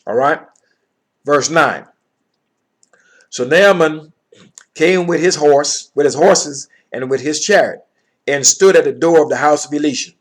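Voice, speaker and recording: A man's voice: a little high, measured pace, long pauses. A man teaching from the Bible, reading verses aloud and then explaining them in plain words, often checking in with his listeners.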